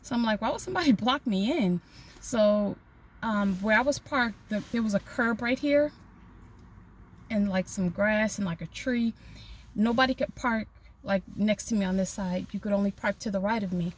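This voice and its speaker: A woman's voice: mid-range voice, normal speed, slight background noise. A woman vlogger casually telling a personal story to her phone camera, chatty, with many fillers and restarts.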